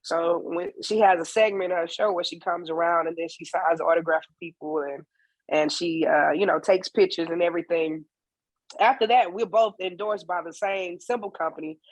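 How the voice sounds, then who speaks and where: A woman guest on a casual podcast interview, a singer and percussionist telling stories in a lively way. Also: on the low side, normal speed, no echo. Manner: lively storyteller, acts out dialogue.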